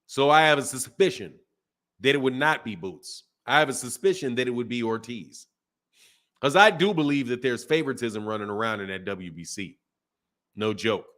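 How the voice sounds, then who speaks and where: A man's voice: medium pitch, animated, moderate pace, a bit bright. A man hosting a boxing channel, casually chatting on a live stream and reading viewer comments, repeating phrases as he goes.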